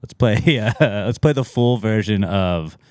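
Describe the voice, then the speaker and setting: Low-voiced laid-back podcast man. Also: unhurried, a little mellow, clear, resonant tone, dry recording, clean studio sound. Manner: rambling, laid-back, swearing. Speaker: podcast co-host. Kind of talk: casual podcast banter.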